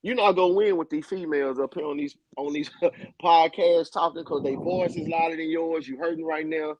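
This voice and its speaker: A man's voice: a little high, fairly even intonation, moderate pace, lo-fi sound, slight background noise. Earnest, encouraging man caller. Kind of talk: call-in advice.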